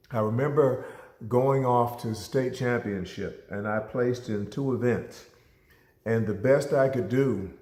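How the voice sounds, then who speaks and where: A man telling a personal story as a motivational speaker, acting out the dialogue with big vocal jumps. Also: medium pitch. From Ohio, USA. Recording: roomy echo.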